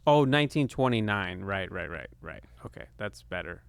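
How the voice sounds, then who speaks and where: A man's voice: sits low, expressive, normal speed, vocal fry, no room sound. A man guesting on a podcast as a comedian, talking in a dry, understated way. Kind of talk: casual chat.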